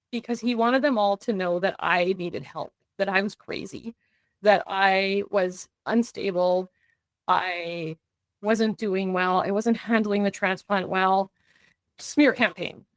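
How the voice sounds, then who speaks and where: A woman's voice: mid-range voice, no echo. A young adult woman recounting a personal story in an earnest way, acting out what others said. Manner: earnest, tells events in vivid runs with quoted dialogue. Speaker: guest. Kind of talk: personal story in a podcast interview.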